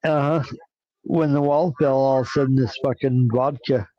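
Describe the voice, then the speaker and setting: A man hosting a podcast in rambling casual chat, giving shout-outs to listeners. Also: mid-range voice, fairly even intonation, moderate pace, no room sound. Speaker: podcast host. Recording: dull lo-fi sound with faint noise.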